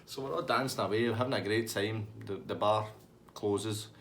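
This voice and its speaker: With a lowish, slightly bright voice at a moderate pace, a Scottish man tells a funny anecdote, rambling and laughing throughout. There is slight background noise.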